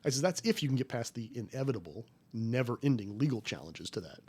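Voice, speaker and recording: Husky-voiced former agent in his forties. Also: mid-range voice, fast. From United States. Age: 40s. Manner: folksy and emphatic, rising to animated retellings. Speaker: former federal agent, podcast guest. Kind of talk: conversational interview storytelling.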